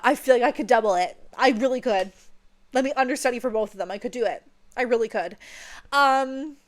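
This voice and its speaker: A young woman chatting playfully while seated, often checking in with "okay?". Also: a little high. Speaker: vlogger. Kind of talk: casual chat.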